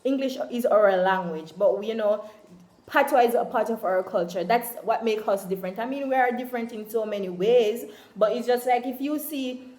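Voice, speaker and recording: A woman's voice: a little high, normal speed, a little mellow, roomy sound. A young Jamaican woman talking casually to her viewers in a vlog, chatty and full of fillers. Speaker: vlogger.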